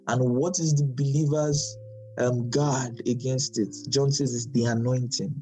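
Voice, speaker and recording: A man as pastor, teaching a Bible study sermon, quoting verses with stress and asking quick tag questions. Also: mid-range voice, a little mellow, soft background music, poor audio.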